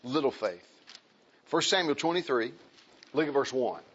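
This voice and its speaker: A man preaching a sermon in an emphatic, animated way, calling out to the congregation. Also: mid-range voice, moderate pace, husky, lo-fi sound.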